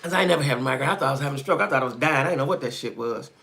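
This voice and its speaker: A woman's voice: very deep voice, racing, fairly bright tone. A woman hosting a casual live stream, talking straight to her viewers, repeating herself for emphasis and answering their comments as they come in. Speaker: livestream host.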